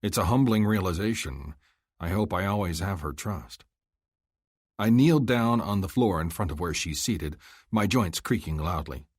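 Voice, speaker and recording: Husky, lively male audiobook narrator. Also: deep voice, moderate pace, no echo, studio quality. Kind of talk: first-person romance audiobook narration.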